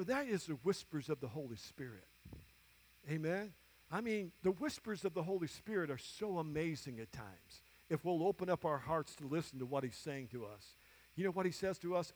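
A high-voiced man in his fifties preaches a sermon and keeps asking the congregation for an "Amen". He reads scripture softly and low, then swells into loud, rising declarations. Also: animated, fairly quick. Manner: call-and-response preaching, asking "Amen?" often; drops soft and low for scripture, builds loud at the close.

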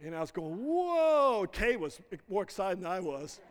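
A man's voice: high-pitched, fairly quick. A middle-aged male pastor preaching a sermon, drawing call-and-response answers from the congregation. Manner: call-and-response, prompting the congregation to finish lines. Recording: long reverb of a large hall.

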